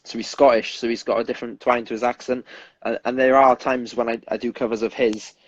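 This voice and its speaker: Husky British man, casual chat. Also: medium pitch, little pitch movement, fairly quick, no room sound, highs cut off. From United Kingdom. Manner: rambling, restarts often, earnest. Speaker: singer guest.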